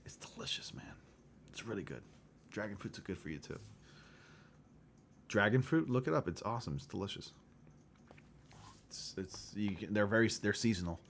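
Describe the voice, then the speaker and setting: A man's voice: on the low side, fairly quick, long pauses, a little hiss or hum. A man hosting a casual livestream chat, rambling with lots of filler words and chuckling often. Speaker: livestream host.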